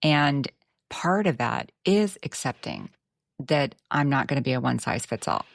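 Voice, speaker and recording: A woman's voice: extremely low pitch, expressive, measured pace, vocal fry, no room sound, clean studio sound. A woman with a Texan twang, talking reflectively as a guest on a podcast. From Texas. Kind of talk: casual podcast conversation.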